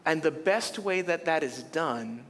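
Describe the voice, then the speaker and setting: Higher-voiced middle-aged pastor in a reverberant hall. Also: male voice, measured pace. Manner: animated storytelling with humor. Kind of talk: sermon. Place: church auditorium. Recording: long church hall reverb.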